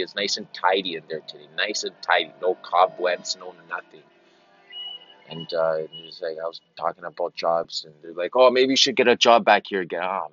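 Heard in lo-fi sound, a man with a deep, sharp-toned voice hosts a podcast as a casual, meandering monologue. He repeats himself, drifts from story to story, and now and then puts on silly greeter voices.

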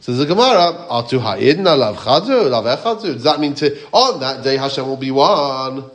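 A man's voice: medium pitch, very animated, normal speed. Man, rabbi teaching a Torah class; questions the listeners, quotes Hebrew and Aramaic sources.

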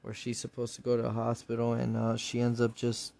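A man's voice: mid-range voice, monotone, fairly quick, creaky, dark tone. A man hosting a solo podcast, casually retelling and reviewing a show episode in a rambling, profane way. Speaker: podcast host.

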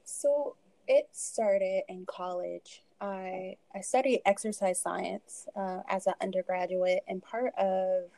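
A woman's voice: medium pitch, fairly even intonation, slow pace, creaky, mellow, no room sound. A woman in her thirties, a podcast guest, telling her own story in a candid, conversational way with frequent asides and laughter.

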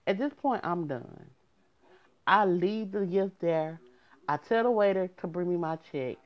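Young woman, frank and exasperated storyteller addressing viewers directly; low voice, dull recording. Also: lively intonation, measured pace. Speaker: storyteller vlogger. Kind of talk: casual storytime monologue.

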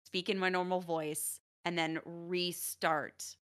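A young adult woman chatting casually on a stream, lively and quick to laugh. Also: on the low side, smooth.

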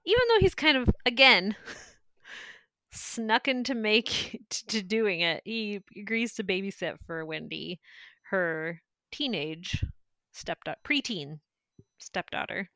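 A woman co-hosting a podcast in a playful, casual chat, laughing often. Her voice has a middle pitch. It is recorded close and dry. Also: expressive, takes it slowly, pushed and bright, no echo. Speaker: podcast co-host.

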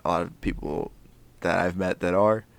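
A man's voice: deep voice, fairly even intonation, moderate pace, creaky. A young man co-hosting a podcast, laid-back and jokey in casual chat. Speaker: podcast co-host.

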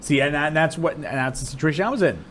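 Animated man telling a club story. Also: quick pace. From Dublin, Ohio, USA. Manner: animated storyteller, voice jumps high and loud when acting out people; swearing, restarts. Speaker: comedian guest. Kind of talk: casual podcast chat.

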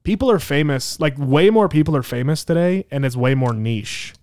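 A man's voice: a little high, animated, normal speed, darkish tone, no echo. Young American man, dry close sound. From United States. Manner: argumentative, builds his point with many restarts. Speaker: podcast co-host. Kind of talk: casual chat.

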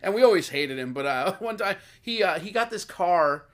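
A man telling revenge stories on a podcast in a casual, animated, profane way. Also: high voice, normal speed. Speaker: podcast guest. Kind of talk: casual storytelling.

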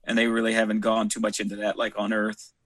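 Male podcast panelist, lowish voice, dry close sound, calm explainer. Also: fast talker, no room sound. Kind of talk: casual explanation.

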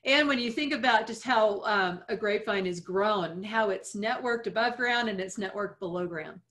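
A woman's voice: medium pitch, normal speed, a bit bright. A woman in her forties, a guest in an interview, talking earnestly and reflectively with light laughs. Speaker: guest speaker. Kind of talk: interview conversation.

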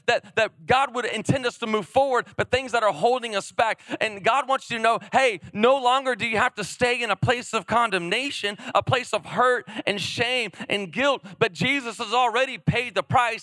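A young adult male pastor preaching a lively sermon, emphatic, repeating phrases and prompting his audience to respond. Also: high voice, no room sound, studio quality.

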